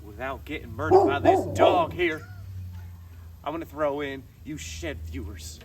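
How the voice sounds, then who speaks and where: Man, high lively voice, comic mock rant, recorded outside from afar. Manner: exaggerated, mock-outraged ranting. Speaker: show host in an outdoor bit. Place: outdoors at a grill. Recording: distant mic, outdoor noise.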